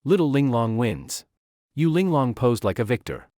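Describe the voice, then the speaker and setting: A man narrating a scripted story recap in a brisk storytelling way. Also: mid-range voice, very animated, warm tone, dry recording, studio quality.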